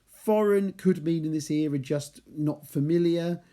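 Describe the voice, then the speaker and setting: A man's voice: a little high, unhurried, dark tone. A man giving a chatty literature lesson, reading passages and explaining them with playful asides. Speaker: literature teacher. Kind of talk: chapter analysis lesson with read passages.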